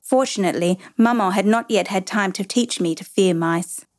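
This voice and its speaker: A woman narrating a children's story in a measured, gently expressive reading. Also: mid-range voice.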